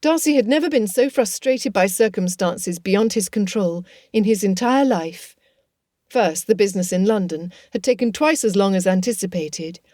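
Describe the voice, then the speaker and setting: A woman's voice: mid-range voice, moderate pace, a little mellow, dry recording. Woman narrating an audiobook, dry.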